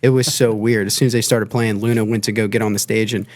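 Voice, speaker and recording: A man's voice: lowish voice, little pitch movement, quick pace, a little mellow. A man in a band, a guest on a podcast, talking casually and rambling with lots of fillers and restarts. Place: podcast studio.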